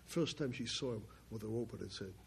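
An older man giving a spoken testimony from his family's past, emphatic and halting. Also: fairly low pitch, gravelly, a little hiss or hum. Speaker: storyteller.

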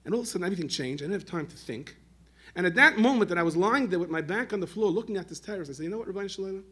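Fast, husky-voiced man telling a sermon story. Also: sits high. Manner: animated storytelling with Yiddish and Hebrew words.

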